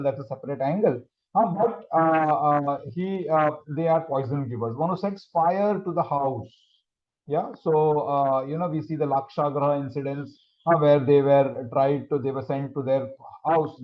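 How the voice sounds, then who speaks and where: A man teaching a scripture class, explaining verses in a halting, conversational way with many fillers. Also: on the high side, lo-fi sound.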